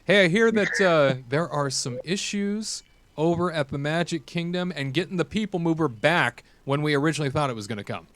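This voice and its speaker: A man's voice: a little high, a little fast, a bit bright, dry recording. Easygoing man hosting a casual podcast. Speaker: podcast host. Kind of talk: casual chat.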